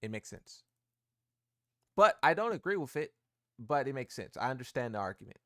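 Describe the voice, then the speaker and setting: A man's voice: medium pitch, big pitch swings, moderate pace, dry recording, clean studio sound. A man streaming live and reacting casually to gaming posts, rambling, repeating himself and using slang.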